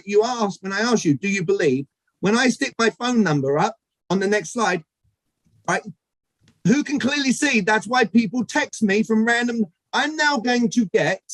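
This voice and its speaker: A man giving an energetic live talk on sales communication to a networking audience, asking them questions directly. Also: high voice, dry recording, rough recording. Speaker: speaker at a networking event. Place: event room with audience.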